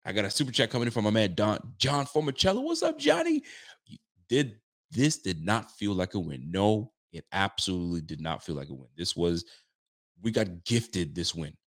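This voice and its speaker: A man's voice: lowish voice, wildly swooping pitch, moderate pace. A man hosting a late-night post-game reaction livestream, ranting emphatically and answering viewer messages. He is fired up but keeps his volume down. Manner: holding volume down while fired up; reads viewer messages aloud and answers them. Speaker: sports fan show host.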